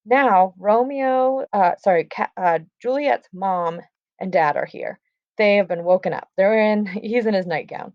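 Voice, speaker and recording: A woman's voice: medium pitch, measured pace, darkish tone, dry recording. A woman teaching a class, reading lines from a play aloud and retelling them in casual, chatty terms. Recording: dull, dry lo-fi recording.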